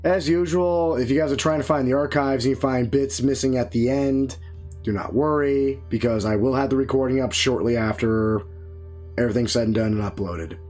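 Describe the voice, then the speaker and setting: A man's voice: medium pitch, normal speed, a little mellow, faint music behind. Rambling male game master, worn throat. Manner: loose, rambling, swears casually. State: tired, strained throat. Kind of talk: casual stream sign-off.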